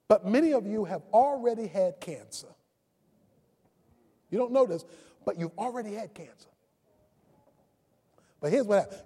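A man's voice: very high-pitched, warm tone, slightly rough. A man preaching a sermon as pastor, emphatic and calling out key words to his congregation. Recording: long reverb of a large hall.

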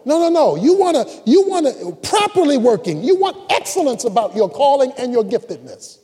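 A man's voice: extremely high pitch, sing-song, moderate pace, dark tone. A male pastor delivering an emphatic sermon, repeating key lines and calling on the congregation to respond. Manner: emphatic preaching with repetition and call-and-response. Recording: long reverb of a large hall.

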